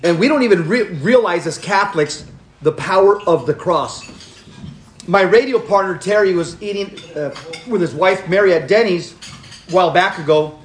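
An older man giving a lively sermon as preacher and radio host, telling stories and acting out the voices in them. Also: sits high, normal speed. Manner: animated, acts out quoted voices. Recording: echoey room with faint noise.

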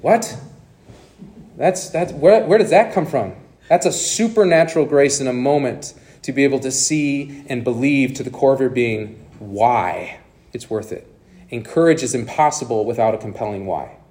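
Lively, conversational man preaching a sermon. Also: mid-range voice. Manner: animated, conversational preaching with frequent "okay?" and "right?".

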